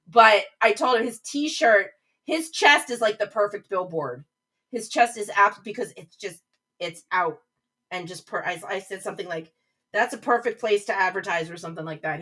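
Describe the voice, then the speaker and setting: A woman's voice: on the high side, bright, forceful tone. A middle-aged woman hosting her own live show from a home office, chatting casually and gushing as she answers viewers' comments. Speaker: host of a livestream show.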